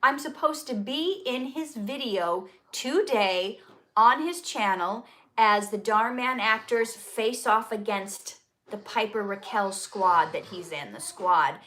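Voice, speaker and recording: A woman's voice: mid-range voice, takes it slowly, sharp tone. A woman hosting a casual Q&A livestream, chatty and upbeat, laughing easily as she reads out questions. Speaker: host and actress.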